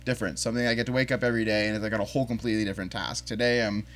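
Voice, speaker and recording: A man's voice: lowish voice, level tone, rapid-fire, fairly bright tone, faint music behind. A man talking as a podcast guest in casual chat, laid-back and slangy, laughing easily.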